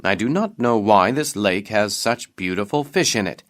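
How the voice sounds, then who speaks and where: A man voicing a sultan in a storybook reading, puzzled and commanding, who speaks slowly and with care. The voice sits fairly low. It is plain and close to the reader's own voice. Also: expressive, lightly acted. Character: troubled adult male sultan, puzzled and commanding.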